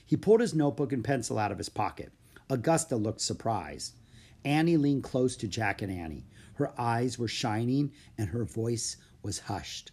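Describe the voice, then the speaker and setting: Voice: medium pitch, moderate pace, breathy edge. An audiobook reader narrating a children's chapter book expressively, acting out each character. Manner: expressive, acts out every character.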